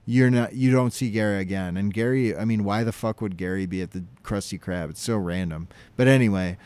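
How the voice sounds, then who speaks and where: A young man co-hosting a podcast, casually recapping a cartoon, swearing and acting out lines in quick voices. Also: fairly low pitch, a little mellow, clean tone. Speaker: podcast co-host.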